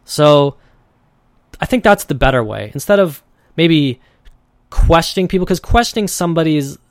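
A man's voice: a little high, expressive, moderate pace, dry recording, clean studio sound. A man hosting his own podcast, talking loosely and conversationally and acting out the voices he quotes. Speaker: podcast host. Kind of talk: casual solo podcast monologue.

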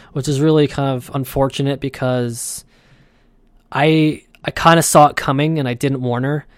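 A man's voice: medium pitch, clear, resonant tone, no echo. Man telling a travel story. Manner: animated, acts out his own thoughts. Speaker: podcast host. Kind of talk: casual storytelling.

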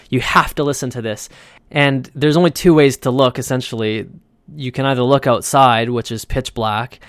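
A podcast host, a man, spins a long personal tale in a loose, chatty way, full of fillers and false starts. His voice is smooth and resonant, at an everyday middle pitch, and the sound is close and dry. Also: a bit bright, no room sound. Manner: chatty, rambling, frequent fillers and restarts. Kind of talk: casual storytelling monologue.

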